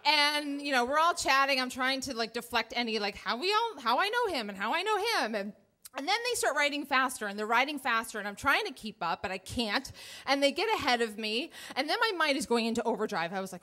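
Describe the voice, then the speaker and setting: A woman in her thirties telling a true story on stage, animated, acting out her own panicked thoughts. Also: high-pitched, brisk. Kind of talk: live first-person storytelling on stage. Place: theater stage before an audience.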